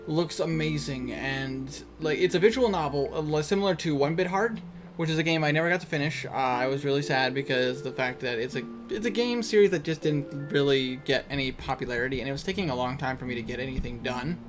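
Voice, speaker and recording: A man hosting a let's-play video, chatting in an excitable way full of fillers and restarts. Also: on the high side, fairly quick, over music. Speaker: gaming video host. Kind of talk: casual let's-play commentary.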